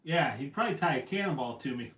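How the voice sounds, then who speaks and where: A man's voice: fairly high pitch, animated, fast, a bit bright. A man hosting a casual fishing livestream, reading out viewer comments in a rambling, self-deprecating way. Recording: echoey room, voice from afar.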